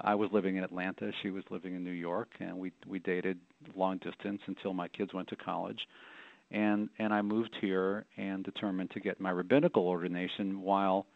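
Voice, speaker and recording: A man's voice: deep voice, vocal fry, no room sound. A middle-aged man, a rabbi and author, telling his story as an interview guest in a reflective way, often repeating words as he goes. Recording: dry, tinny phone line.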